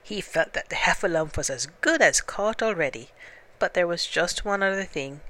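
A woman reading a children's story aloud in a gentle, unhurried way. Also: lowish voice, animated.

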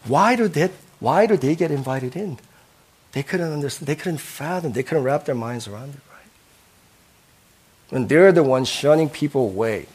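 A man's voice: mid-range voice, expressive, normal speed, pauses often, darkish tone, slightly rough. A man preaching a sermon as a pastor, earnest, who keeps asking his listeners questions and ending points with "right?".

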